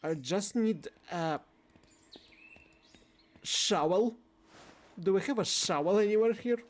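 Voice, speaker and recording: A man streaming a game, thinking aloud and shouting calls to the characters. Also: high voice, slow, slight background noise. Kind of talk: game let's-play commentary.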